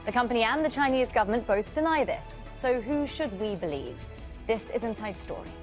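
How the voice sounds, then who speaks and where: A woman presenting a scripted news intro with a crisp, measured delivery, played from a news clip. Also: on the high side, animated. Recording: news clip with faint music bed.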